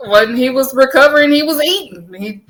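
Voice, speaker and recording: A woman's voice: high voice, fairly quick. A woman with a Southern American accent, co-hosting a podcast in casual chat, telling stories with animation and frequent laughs. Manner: animated storytelling, laughs often, swears casually. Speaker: podcast co-host.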